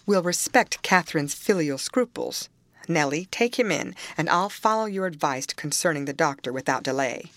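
A woman's voice: deep voice, lively intonation, normal speed, no room sound. A woman reading the part of a harsh, mocking middle-aged man with curbed ferocity in an audiobook. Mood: scornful. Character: harsh, scornful middle-aged male landowner.

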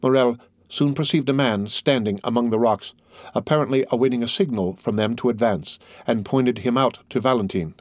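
A man narrating a classic novel as an audiobook in a steady, formal reading manner. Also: mid-range voice, moderate pace, no room sound.

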